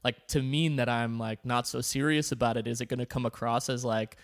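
A young man co-hosting a casual podcast chat, sweary and laid-back with quick asides. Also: medium pitch, steady tone. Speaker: podcast co-host.

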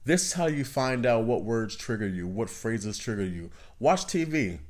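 A man hosts a self-help podcast in a casual, conversational way. His pitch is middling for a man. He circles back over his points and keeps checking in with his listeners. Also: animated, moderate pace. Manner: conversational, repeats phrases, asks "you know what I mean?". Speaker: podcast host.

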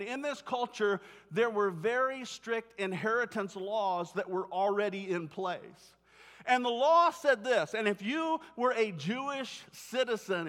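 A man's voice: sits high, fairly bright tone. A male pastor preaching a sermon in a church, telling the story conversationally and acting out voices. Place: church sanctuary. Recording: long hall reverb.

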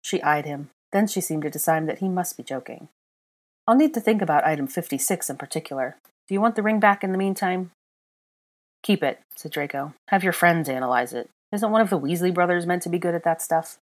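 A woman's voice: lowish voice, expressive, a little fast. A woman reading fan fiction aloud in an unedited home recording, narrating and speaking the dialogue with small shifts for each character. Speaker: audiobook reader.

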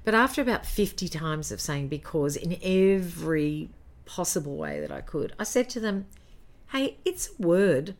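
A middle-aged Australian woman, a former jingle singer, telling lively anecdotes in a casual interview and acting out the quotes. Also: on the low side, moderate pace, hardly any pauses.

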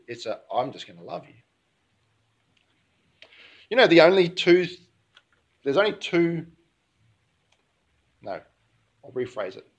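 A man with an Australian accent preaching a sermon in a church, in an easygoing conversational way that keeps checking in with the congregation. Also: medium pitch. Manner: conversational, keeps asking "all right?". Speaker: pastor.

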